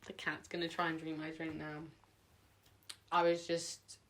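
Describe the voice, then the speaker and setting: A young woman with a low voice tells a personal story at home. She rambles and leans on "like" and "sort of". She gets emotional and chokes up now and then. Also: completely flat delivery, unhurried, a little hiss or hum. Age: young adult. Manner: emotional, sometimes tearing up. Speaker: vlogger.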